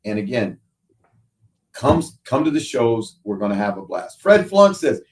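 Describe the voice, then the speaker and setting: A male show host telling lively stories in casual chat, often tagging lines with "right?". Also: lowish voice, measured pace, far from the mic. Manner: animated storyteller, frequent "right?". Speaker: show host, football analyst.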